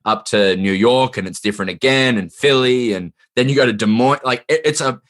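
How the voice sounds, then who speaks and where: A man's voice: mid-range voice, fairly quick, a bit bright. A man from Australia, a guest from a comedy group, talking loosely and thoughtfully in casual chat.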